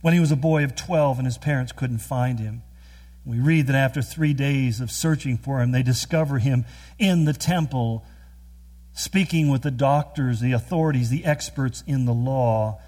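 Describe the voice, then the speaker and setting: A man preaching a sermon, earnest and emphatic, with quick storytelling asides. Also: medium pitch, dark tone. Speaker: pastor.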